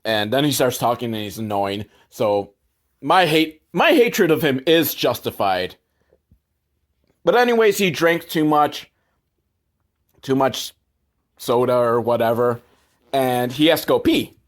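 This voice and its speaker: A man's voice: medium pitch, animated, measured pace, long pauses. A man host sarcastically recapping a movie, swearing a lot and mocking the characters in put-on voices. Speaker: comedy podcast host.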